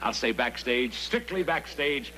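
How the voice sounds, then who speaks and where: A bossy wisecracking comedian. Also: male voice, medium pitch, lively intonation, sharp tone. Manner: wisecracking, domineering, stalling with drawn-out pauses. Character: brash veteran male comedian, bossy and wisecracking. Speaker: comedian in a sitcom guest spot. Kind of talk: sitcom acting before a studio audience. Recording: noisy sitcom audio with audience laughter.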